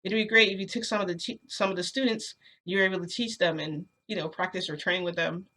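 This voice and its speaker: A woman quoting a talkative, jovial male school principal who keeps insisting. The voice is bright and fairly low, in a casual storytime retelling. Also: fairly even intonation, fast talker, a little hiss or hum. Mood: insistent.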